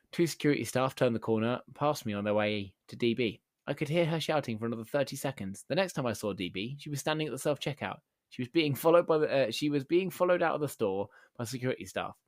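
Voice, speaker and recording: A male podcast host telling a story in a casual, deadpan and amused way, with casual swearing. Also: medium pitch, fast, no echo, studio quality.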